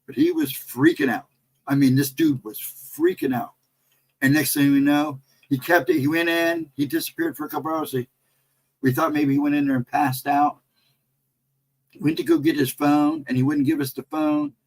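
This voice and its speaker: Rambling, husky-voiced man telling a story. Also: a little high, normal speed, rough recording. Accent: American. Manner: rambling, animated storyteller who reads out chat. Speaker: livestream host. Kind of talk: casual storytelling livestream.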